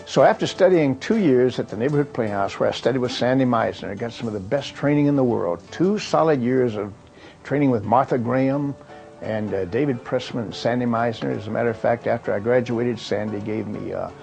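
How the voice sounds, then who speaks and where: A man's voice: mid-range voice, a little fast, vocal fry, darkish tone, soft background music. An older man from Kentucky, a retired actor, recalling his career in a rambling way with fillers and restarts. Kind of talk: reminiscing monologue.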